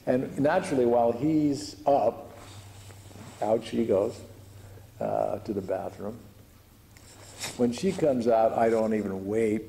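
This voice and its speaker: A man with a gravelly, mellow voice tells a story to a gathering, rambling along with fillers and false starts. The sound is roomy and echoey. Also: medium pitch, takes it slowly, long pauses, slight background noise. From United States. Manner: chatty, many fillers and restarts. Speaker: spiritual teacher. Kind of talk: storytelling talk to a group. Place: hall with audience. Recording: echoey room recording.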